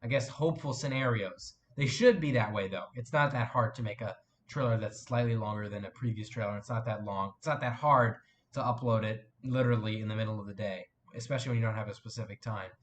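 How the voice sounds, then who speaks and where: A man's voice: fairly low pitch, fast. A young man hosting a live stream from his desk, chatting casually and reading viewer comments, rambling with fillers and self-corrections.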